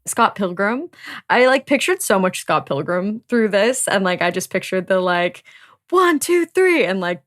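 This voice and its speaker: A woman's voice: medium pitch, normal speed, a bit bright. A woman hosting a book podcast, chatting casually, laughing often and swearing freely. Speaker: podcast host.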